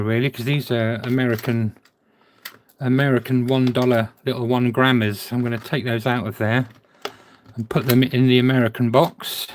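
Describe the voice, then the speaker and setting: A man's voice: medium pitch, slight background noise. A man who collects coins, chatting casually on a live stream while he sorts his collection, thinking aloud and answering viewer chat.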